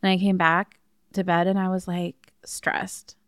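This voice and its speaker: Woman co-host, casual and chatty, smooth clear voice, swears and laughs a lot, dry close mic. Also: on the low side, little pitch movement, a little slow, fairly bright tone, dry recording. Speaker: podcast co-host. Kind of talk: casual chat.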